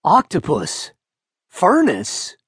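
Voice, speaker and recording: A man's voice: high voice, huge pitch swings, extremely slow, fairly bright tone, husky, no room sound, clean studio sound, heavily acted. A man voicing a sarcastic thirteen-year-old boy who mutters to himself. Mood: sheepish.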